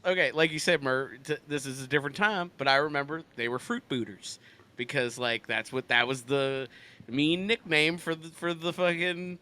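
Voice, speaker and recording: A man's voice: fairly high pitch, moderate pace, pushed and bright. A man co-hosting a podcast, riffing with profanity and laughter in casual chat. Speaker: podcast co-host.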